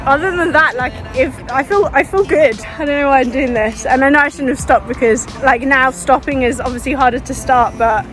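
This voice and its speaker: A woman's voice: high-pitched, fairly quick, hardly any pauses, a bit bright, faint music behind, a faint crowd. A woman vlogging while running on a street, out of breath with a dry mouth, talking into a phone she holds, rambling and earnest. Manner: rambling, earnest, restarts often. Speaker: fitness vlogger. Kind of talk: casual vlog while running. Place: outdoors on a street. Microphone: phone held in hand.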